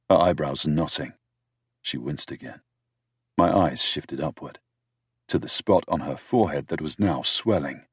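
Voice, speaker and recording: A male audiobook narrator with a very deep, husky voice reads a first-person romance in a dry, measured way, dropping wry asides. His delivery rises and falls with plenty of lively melody, and the close studio recording sounds completely dry. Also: no room sound.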